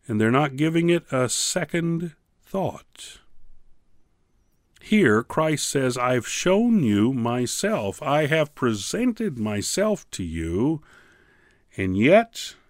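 A man teaching a Bible class on the radio, preaching in a fervent, pleading way with slow, emphatic pauses. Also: medium pitch, dry recording, studio quality. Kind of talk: radio sermon.

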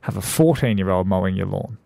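A man's voice: deep voice, animated, fairly quick, creaky, mellow, no echo, clean studio sound. A man with an Australian accent, co-hosting breakfast radio in casual, teasing banter. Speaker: radio co-host. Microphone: studio mic.

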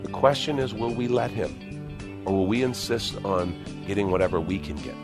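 A middle-aged man preaching a sermon, animated, sometimes dropping to a quiet, intense voice and acting out inner voices. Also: fairly low pitch, moderate pace, over music. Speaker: pastor.

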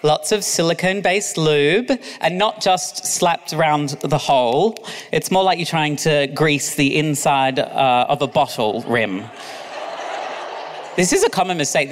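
A man's voice: fairly high pitch, animated, moderate pace, long reverb tail. A man narrating his own memoir as an audiobook, with cheeky asides. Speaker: author reading own memoir.

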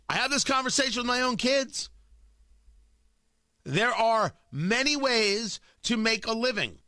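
A middle-aged man holds forth on a morning radio show in a high, bright voice that leaps around. He repeats his points for emphasis and slips in sarcastic jokes. The studio sound is close and dry. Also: no room sound. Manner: emphatic, repetitive, sarcastic asides. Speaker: radio talk show host. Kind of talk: opinionated morning radio monologue. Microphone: studio microphone.

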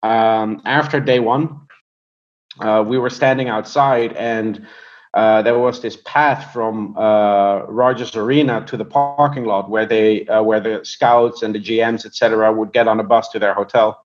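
A man's voice: fairly low pitch, little pitch movement, a little slow, dull audio. A man talking casually as a guest, hesitant and full of fillers as he tells stories and breaks down players. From Europe. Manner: hesitant, many fillers and restarts. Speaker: guest, hockey prospects analyst. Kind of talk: casual conversational storytelling and analysis.

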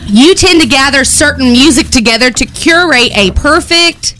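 A woman's voice: high voice, expressive, moderate pace, bright, forceful tone, rough recording. Wry, teasing female radio co-host. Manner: wry, teasing, laughs often. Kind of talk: casual radio banter.

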